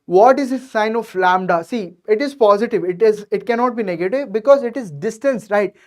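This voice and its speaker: Brisk and medium-pitched, a woman runs a step-by-step science revision lecture. Nearly every point ends with her checking in with her students, whom she addresses directly to make sure they've understood.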